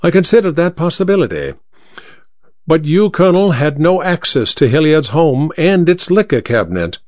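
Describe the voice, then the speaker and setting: A man voicing a shrewd Victorian detective who talks in a crisp, bland, self-assured way, in a storybook reading. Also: on the high side, big pitch swings, normal speed, a little mellow, no echo. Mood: cool. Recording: dry, slightly dull recording.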